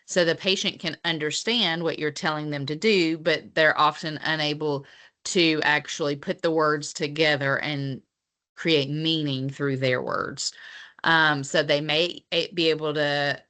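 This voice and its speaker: A woman's voice: deep voice, steady tone, a little slow, pushed and bright. A woman teaching physical therapy students in a casual lecture, with lots of fillers as she explains.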